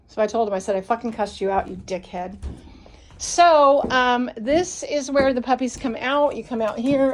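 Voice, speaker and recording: A woman's voice: a little high, a little mellow, slight background noise. A woman dog breeder, ranting and swearing in a casual vlog as she walks around her deck. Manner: frustrated, swears constantly, ranting. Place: outdoors on a home deck.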